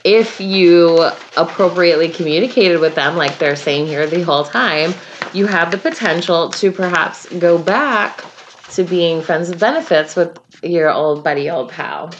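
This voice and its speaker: A woman's voice: lowish voice, unhurried, dull audio, a little hiss or hum. A woman co-hosting a podcast in casual chat, teasing and laughing often, talking into a microphone. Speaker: podcast co-host. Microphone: studio microphone.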